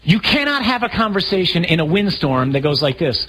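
A man delivering a sermon in a very husky, rough voice pitched a little high. He tells stories vividly, acting out scenes and raising his voice for the dramatic moments. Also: a little fast, few pauses, low-quality recording. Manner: animated storytelling, acting out scenes with raised voice. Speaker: priest.

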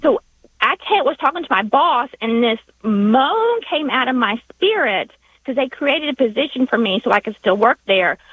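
Southern lady calling in, husky voice, kinda high, stops and restarts, muffled phone sound. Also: expressive, dry recording. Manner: halting, heartfelt, many restarts. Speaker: radio caller. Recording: dull phone line.

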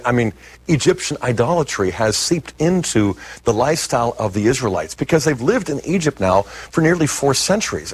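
A man's voice: medium pitch, breathy edge. A man speaking as a guest in an interview, explaining biblical history in an emphatic teaching manner. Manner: animated, emphatic teaching delivery.

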